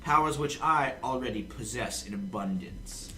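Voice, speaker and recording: A man's voice: medium pitch, lively intonation, normal speed, bright, forceful tone, roomy sound, distant mic, faint music behind. A man voicing a pompous, electric fish emperor villain in a posh British put-on voice, haughty and grand.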